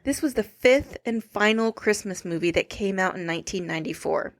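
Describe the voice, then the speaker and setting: A woman's voice: medium pitch, expressive, fairly quick. A woman co-hosting a comedy podcast, teasing her co-host and reading out facts and reviews. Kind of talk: casual comedic chat.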